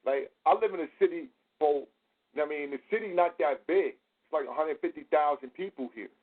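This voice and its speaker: A man hosting a casual podcast, telling stories in a profane, animated way. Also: fairly high pitch, normal speed. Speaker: host. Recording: tinny phone line.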